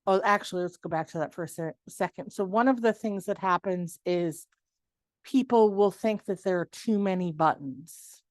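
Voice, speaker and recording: A middle-aged woman presenting a workshop, lively and animated, acting out quoted dialogue as she explains. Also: lowish voice, normal speed, no room sound. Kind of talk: webinar presentation.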